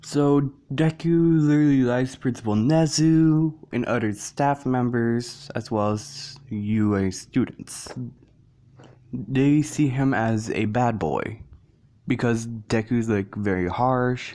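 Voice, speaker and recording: A man's voice: mid-range voice, darkish tone. A man casually narrating a fan story, rambling and correcting himself as he goes.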